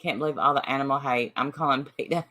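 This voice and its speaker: A woman from Appalachia talks fast in a very deep voice with a sharp tone. As the host of a casual livestream, she combatively reads and answers comments from her chat.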